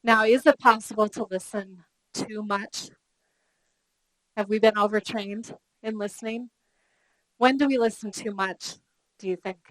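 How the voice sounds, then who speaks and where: Woman, customer service trainer, lively storytelling, questions to the room, dry sound. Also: medium pitch, unhurried, long pauses, no room sound, low-quality recording. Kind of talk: live training workshop.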